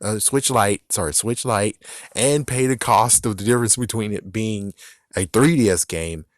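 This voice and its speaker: A man's voice: lowish voice, moderate pace, no echo. Exasperated man ranting, dry sound. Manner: exasperated, profane, repetitive ranting. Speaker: gaming vlogger. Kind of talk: ranting gaming commentary.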